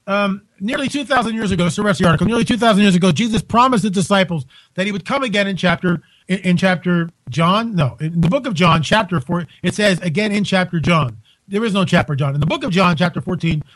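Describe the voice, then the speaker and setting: Man, live radio host, high-pitched, jokey and rambling, dry close sound. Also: quick pace, no room sound, poor audio. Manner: joking, animated, with frequent restarts. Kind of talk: casual live radio talk. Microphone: studio microphone on a live radio broadcast.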